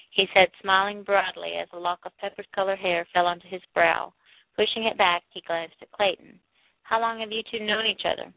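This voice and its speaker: Female audiobook narrator, steady novel reading, thin phone-like sound, dry. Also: lowish voice, no echo. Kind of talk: novel reading with light character voices.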